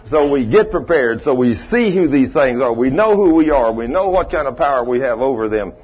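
Preacher man, folksy sermon storytelling, husky voice, swings loud then hushed, dull lo-fi sound. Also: medium pitch, lively intonation, normal speed. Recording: dull lo-fi recording.

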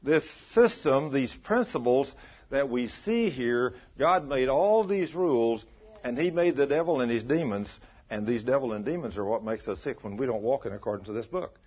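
A man's voice: mid-range voice, moderate pace, husky. A man preaching a sermon, telling a story with acted-out dialogue and quoting scripture. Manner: animated, acts out dialogue, quotes scripture. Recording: dull lo-fi sound.

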